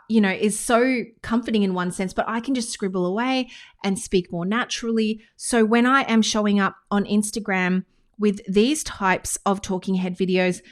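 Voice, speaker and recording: An enthusiastic woman with an Australian accent talks straight to camera like a friendly business coach. She explains things in a casual, chatty way, often breaking off into quick asides, and her voice sits at an ordinary middle pitch. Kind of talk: casual teaching monologue to camera. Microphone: screen-recorded talking head with whiteboard.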